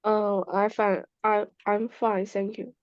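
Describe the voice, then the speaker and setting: A woman's voice: medium pitch, flat delivery, slow pace, highs cut off. A woman language student answering and reading a practice dialogue in class, speaking hesitantly in simple sentences.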